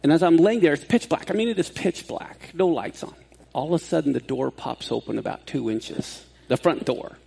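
High, gravelly man preaching. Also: moderate pace. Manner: conversational, rising to excited laughter when storytelling. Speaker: pastor. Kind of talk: sermon with personal storytelling.

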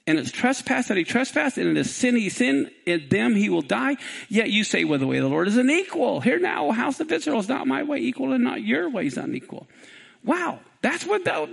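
High-voiced gravelly preacher guy, gets loud and dramatic telling stories. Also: poor audio. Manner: dramatic storytelling, voice rising to near shouts on quoted pleas. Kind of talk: sermon.

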